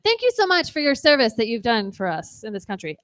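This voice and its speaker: Young female comic, bawdy storyteller, high bright voice that swings widely, handheld mic. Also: fast talker. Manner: bawdy, animated storytelling with laughter. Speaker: stand-up comic. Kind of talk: stand-up comedy set. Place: comedy bar stage with audience.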